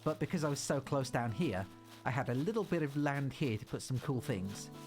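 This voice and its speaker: Male game streamer, casual commentary, rambling, self-interrupting, animated pitch. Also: brisk, over music.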